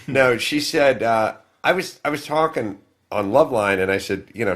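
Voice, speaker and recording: A man's voice: mid-range voice, animated, moderate pace, fairly bright tone. A man telling a rambling, sarcastic comic story on a podcast, slipping into mocking voices. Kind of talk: casual comedic storytelling.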